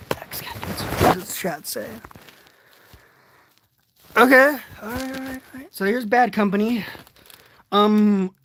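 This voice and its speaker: An eighteen-year-old man chatting casually from his bed during a livestream unboxing, rambling and excitable, and often poking fun at himself. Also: high-pitched, a little hiss or hum. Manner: excitable, rambling, self-deprecating. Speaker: toy reviewer streaming.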